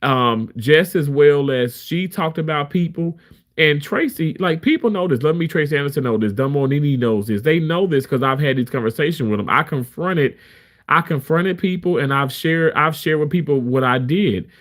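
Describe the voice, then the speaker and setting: A man's voice: a little high, lively intonation, normal speed. A man talking to camera as a live streamer, telling a story in a candid, emphatic way with many restarts. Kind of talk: casual storytelling rant.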